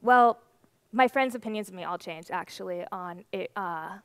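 A woman in her twenties gives a conference talk from the stage, telling her story in a lively, animated way. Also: on the low side, moderate pace, clear, resonant tone, no echo. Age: 20s. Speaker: conference speaker.

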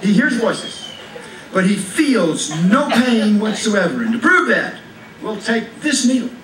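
A man's voice: high-pitched, sing-song, a little slow, fairly bright tone. A man doing a live ventriloquist comedy act, teasing and often laughing. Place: live stage show. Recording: echoey room, distant mic, noisy.

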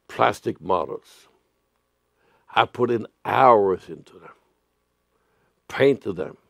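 A man preaching a sermon as a pastor, speaking earnestly and deliberately with repeated phrases and sudden loud outbursts. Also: fairly low pitch, vocal fry, no room sound, clean studio sound.

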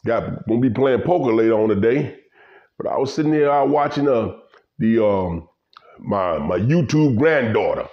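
A man's voice: mid-range voice, normal speed, dull audio. An older man from Louisiana, rambling in casual, folksy commentary to his viewers and breaking into laughter. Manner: folksy, laughing, animated storytelling. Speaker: vlogger.

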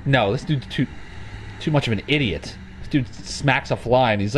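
A bit of hiss or hum sits under this mid-range male voice, moving at a moderate pace as he hosts a horror game video. His casual commentary is rambling and jokey, with a nervous, jumpy edge.

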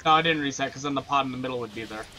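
A young man in casual gaming voice chat, excitable and swearing often while he plays. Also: mid-range voice, racing. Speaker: gamer on voice chat.

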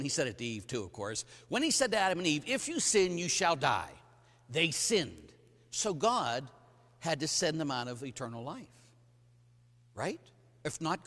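A middle-aged male priest preaches with a fairly high voice that swings widely up and down, hammering his points with sudden loud bursts. His sermon rings with long reverberation through a large hall. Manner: emphatic, acts out stories with bursts of loud emphasis. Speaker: Catholic priest. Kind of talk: sermon to men.

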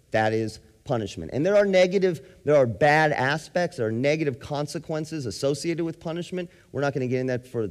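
A man, a psychologist, giving a presentation to an audience, explaining ideas with everyday examples and asking the audience questions. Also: medium pitch. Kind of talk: lecture to an audience. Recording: long hall reverb.

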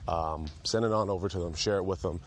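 A man's voice: low voice, fast talker, a little hiss or hum. A young man hosting a solo comedy podcast, rambling and cursing with self-mocking humor. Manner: rambling, profane, self-mocking comic delivery.

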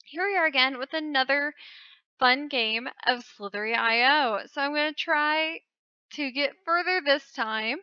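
A woman hosting her own channel, giving casual game commentary in an excitable way, often breaking into gasping exclamations. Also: sits high, measured pace, dry recording. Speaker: channel host. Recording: dull lo-fi dry recording.

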